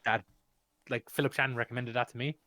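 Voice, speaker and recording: A man from the UK talks through a casual podcast chat in a middle-pitched voice. He rambles, stacks up fillers and swears often. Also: steady tone, quick pace, pushed and bright. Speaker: podcast co-host.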